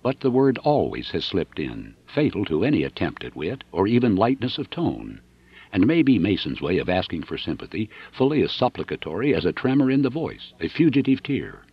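A man giving measured, wry scripted audiobook narration. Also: on the low side, big pitch swings, breathy edge, no echo, highs cut off.

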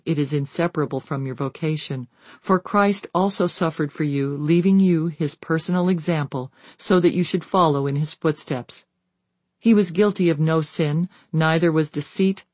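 A reader giving a measured, steady scripted narration of a devotional book, citing scripture verses along the way. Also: medium pitch, dry recording. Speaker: audiobook reader.

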